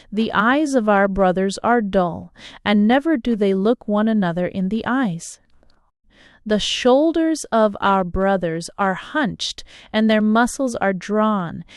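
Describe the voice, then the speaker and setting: Woman narrating an audiobook, real slow and steady, smooth clear voice, dry close sound. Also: mid-range voice, no echo. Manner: slow, measured reading. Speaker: audiobook reader. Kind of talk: scripted narration.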